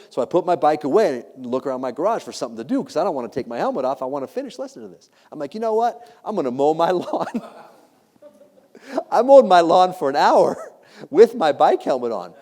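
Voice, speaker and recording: A middle-aged man giving a motivational keynote speech to a live audience, animated and jokey, often laughing at his own stories. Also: fairly high pitch, fast talker. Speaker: keynote speaker.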